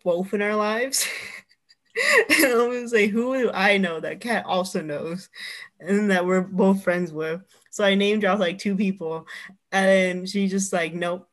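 A young woman co-hosting a casual chat podcast, telling a story and laughing often as she goes. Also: medium pitch. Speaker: podcast co-host.

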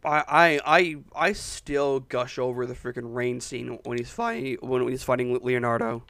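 A man's voice: mid-range voice, steady tone, moderate pace, a bit bright, dry recording. A man in his twenties co-hosting a casual chat, tired, stammering and laughing often. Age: 20s. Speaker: podcast co-host.

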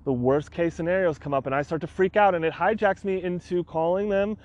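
A man hosting a solo podcast, telling a personal story in an animated way and acting out his own frantic outbursts. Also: high voice, brisk, dull audio. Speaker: podcast host.

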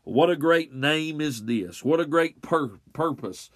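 Deliberate preacher man, dry sound. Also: a little high, expressive, fairly bright tone, no echo. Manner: slow, deliberate delivery with emphatic pauses. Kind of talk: expository sermon.

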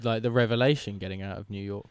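A man co-hosting a sports podcast, opinionated and quick to joke as he backs his picks with stats. His voice is smooth and resonant, recorded close and dry. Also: fairly low pitch, steady tone, a little mellow, no room sound. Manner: opinionated, jokey, argues with stats. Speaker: podcast co-host. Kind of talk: casual sports chat.

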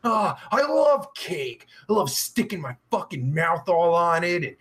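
A young man hosts a live stream, reading out chat and riffing in a rambling, profane, sarcastic way. His voice sits high for a man and swoops all over the place, broken up by groans and long sighs. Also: big pitch swings, measured pace, a bit bright.

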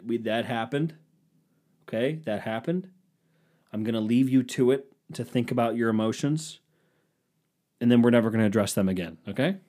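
A man's voice: lowish voice, dark tone. A young man hosting a solo podcast, ranting in a sarcastic, self-mocking, rambling way. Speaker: podcast host. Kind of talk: solo comedic podcast rant.

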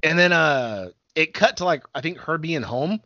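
Bright-voiced man, dull lo-fi sound. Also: a little high, expressive, normal speed. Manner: retells scenes with acted-out quotes, swears a lot. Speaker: movie review co-host. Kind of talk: casual chat.

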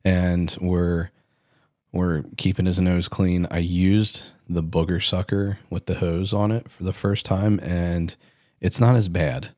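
Male podcast host in his thirties, deep voice, loose self-correcting storyteller, dry close mic. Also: flat delivery, slow, a little mellow, no room sound. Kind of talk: casual solo podcast talk.

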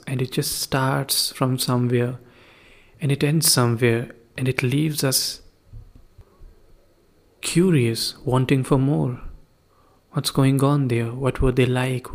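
A man reading a story aloud for a podcast, then reflecting on it in a musing, conversational way. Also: mid-range voice.

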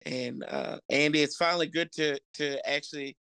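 A man with a gravelly, fry-heavy voice talks as a podcast guest in a laid-back, rambling way. His pitch stays flat and even, and the sound is dry and close. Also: moderate pace, dry recording. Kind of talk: casual podcast chat.

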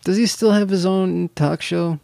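A man's voice: high-pitched, fairly even intonation, a little slow, gravelly, mellow. A man co-hosting a podcast in casual chat, talking eagerly and often restarting his sentences. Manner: chatty, repeats words when he restarts. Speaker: podcast co-host.

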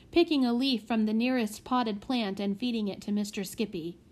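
A woman narrating a children's audiobook in a measured way. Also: mid-range voice, darkish tone. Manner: measured, with small slips corrected.

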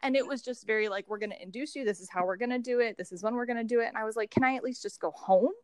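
Young woman guest, lively storyteller who plays out the dialogue; dry, close recording. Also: a little high, racing, clean tone, no room sound. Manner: animated, acts out quoted dialogue, laughs often. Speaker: guest sharing birth story. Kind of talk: casual conversational storytelling.

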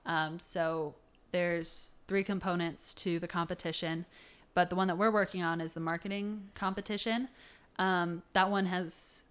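Chatty young woman, lower-pitched voice. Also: steady tone, measured pace, few pauses, fairly bright tone, clean tone. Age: young adult. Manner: chatty, upbeat, fillers like "um" and "like". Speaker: college student guest. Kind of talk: casual interview chat.

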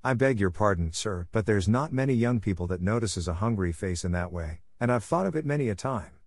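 A good-natured, working-class baker woman rambles on in a homely, ungrammatical way, as a male storybook reader puts her on. His voice stays fairly low and the recording is dry and close. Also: animated, fairly quick, no room sound. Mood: warm. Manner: homely, chatty, ungrammatical dialect.

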